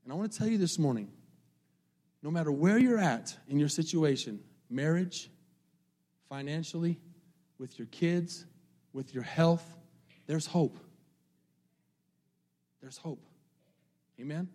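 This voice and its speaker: A male pastor preaching a sermon, mixing casual asides to the congregation with slow, rising emphasis on scripture. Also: on the high side, lively intonation, a little mellow.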